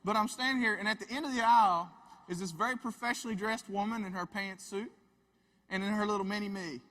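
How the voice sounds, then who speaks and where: A man's voice: high voice, fast talker, sharp tone. A man, a family therapist giving a humorous live talk, folksy and chatty with asides. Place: large hall with a live audience. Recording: reverberant hall.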